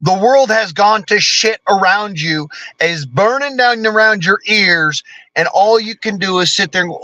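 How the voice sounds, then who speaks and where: A man's voice: high voice, normal speed, bright, forceful tone, no echo, poor audio. An American man delivering a profane, blunt political rant as a vlogger, cursing constantly and talking combatively.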